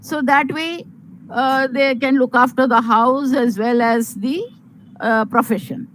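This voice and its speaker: An older woman with an Indian English accent talks in a measured, motherly way, giving marriage advice to young women. She speaks slowly and earnestly, and a faint background hiss sits under her voice. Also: high-pitched, steady tone, a bit bright, low-quality recording. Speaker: guest advising on marriage.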